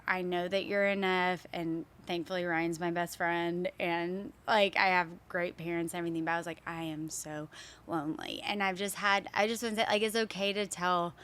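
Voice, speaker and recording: A woman's voice: fairly low pitch, little pitch movement, a little fast, hardly any pauses, fairly bright tone, clean tone. A woman interviewer and counselor in a casual interview, encouraging and affirming.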